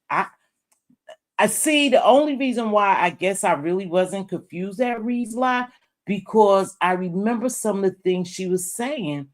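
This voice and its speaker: A woman giving casual, rambling live-stream commentary, talking straight to her chat and calling viewers sweet names. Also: mid-range voice. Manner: rambling, talks straight to chat and other creators; calls viewers terms of endearment.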